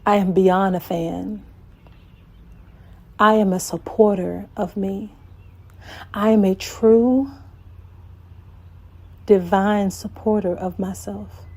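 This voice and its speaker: Woman coach, spoken voice note, unhurried, repeating affirmations, mid pitch, emotional edge. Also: a little mellow. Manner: slow, emphatic, repeating lines like affirmations. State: emotional, voice dropping to a whisper. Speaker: life coach. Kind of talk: reflective voice note.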